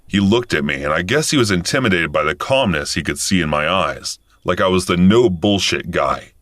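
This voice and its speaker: A man in his thirties narrating a first-person story in a casual, animated way. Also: sits low, moderate pace, few pauses, no room sound. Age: 30s.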